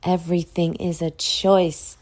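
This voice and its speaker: A woman's voice: lowish voice, little pitch movement, a little slow, darkish tone. A sleepy, yawning woman hosting her own podcast, rambling and motivational, swearing now and then. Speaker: podcast host. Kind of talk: casual solo podcast monologue.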